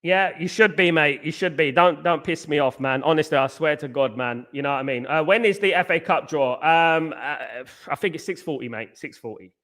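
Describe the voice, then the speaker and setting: A man's voice: fairly high pitch, normal speed, few pauses, fairly bright tone. A man hosting a fan live stream, reading out chat comments in a blunt, repetitive, casual way, often calling people "mate". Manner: blunt, repetitive, peppers talk with "mate" and "big up".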